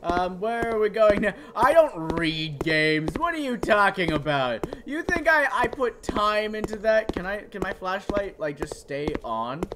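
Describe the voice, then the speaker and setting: An excitable gamer playing through a horror game, with a voice that swoops way up into yelps and shouts. The talk is playful and chatty, aimed at the viewers and at the figures on screen. Clear hiss and mouse clicks sit behind it. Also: mid-range voice, unhurried, few pauses. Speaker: let's play gamer.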